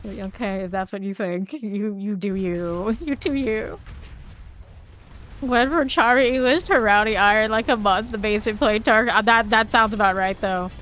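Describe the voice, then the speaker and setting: A game-streaming woman with a gentle Southern US accent talks at a normal speed in a mid-range, fairly bright voice with fairly even intonation. As she plays, she keeps up casual, self-deprecating chatter with her viewers and laughs often.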